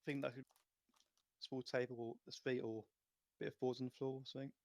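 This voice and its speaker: A man's voice: medium pitch, little pitch movement, fast, darkish tone. A man playing a tabletop game, hesitant with many fillers. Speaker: player.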